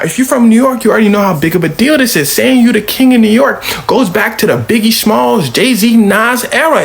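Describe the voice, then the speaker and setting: Gravelly, animated woman storyteller. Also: medium pitch. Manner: animated, acting out quotes. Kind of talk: casual storytelling narration.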